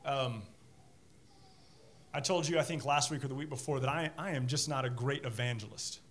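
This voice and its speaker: A man's voice: medium pitch, moderate pace. A middle-aged man preaching a sermon as pastor, chatty and self-deprecating, often repeating words as he starts a sentence. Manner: animated.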